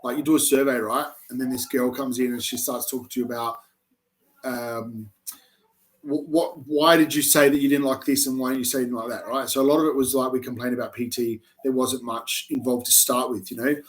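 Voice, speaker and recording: A man's voice: medium pitch, brisk. Chatty young man telling his recruit-training stories. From South Australia. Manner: animated storyteller with many restarts. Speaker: interview guest, army reserve recruit. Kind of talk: casual interview chat.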